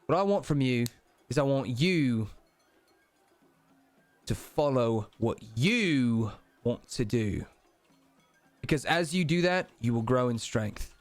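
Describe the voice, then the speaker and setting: A man's voice: mid-range voice, lively intonation, slow pace, pauses often, no room sound, faint music behind. A man voicing a mocking male deity who speaks into a character's mind, with a Cockney accent. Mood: stern.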